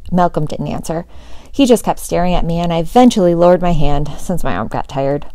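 Teacher lady reading a chapter book, warm lowish voice, steady storytelling. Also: brisk, no room sound. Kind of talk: children's book read-aloud.

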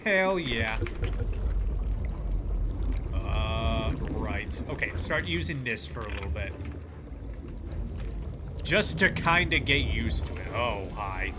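Excitable man narrating a horror game. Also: on the low side, slow, pauses often, very noisy. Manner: excitable, yelling and cursing at enemies. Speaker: gaming channel host. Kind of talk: let's play commentary.

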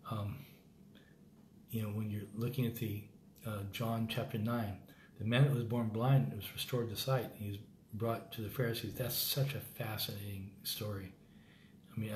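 A man's voice: on the low side, a little mellow. An American man hosting a Bible reading program, giving rambling, earnest, informal commentary that often breaks off and restarts. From United States. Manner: rambling, self-interrupting, earnest. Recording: echoey room with faint background noise.

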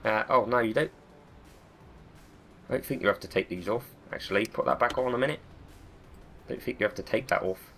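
A man's voice: fairly low pitch, a little fast, vocal fry, long pauses, fairly bright tone, slight background noise. A man with a cold, giving chatty, self-mocking let's-play commentary and swearing often. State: has a cold. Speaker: gaming video host.

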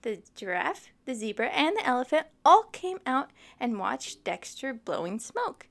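A woman's voice: sits high, very animated, measured pace, vocal fry, few pauses, fairly bright tone. A young woman reading a children's book aloud, chatting with her listeners between pages. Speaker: storytime reader.

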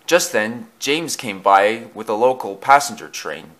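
A man reading a children's story aloud as a narrator, in a hushed, suspenseful way. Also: mid-range voice, animated, measured pace.

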